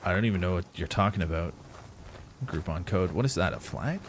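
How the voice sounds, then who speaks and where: A young man streaming a survival game live, rambling easily to his viewers between bits of play. His voice sits low for a man, and he talks in a loose, conversational way. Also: expressive, a little fast, slight background noise. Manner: casual, rambling, talks to chat while playing. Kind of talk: live gameplay commentary.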